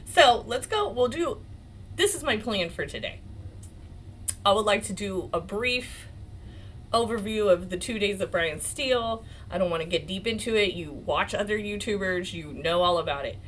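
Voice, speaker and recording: An excitable American woman in her forties hosts a casual legal commentary livestream. Her pitch swings widely as she gushes, swears and laughs. A faint hiss sits under her voice. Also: moderate pace, rough recording. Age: 40s. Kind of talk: casual live-stream commentary.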